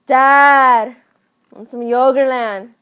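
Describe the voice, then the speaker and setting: A spoiled, entitled young woman, as a woman puts her on, whining and barking demands in a petulant, bossy tone. Her voice sits at an ordinary middle pitch, pushy rather than shrill. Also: lively intonation, moderate pace, lightly acted. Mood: demanding.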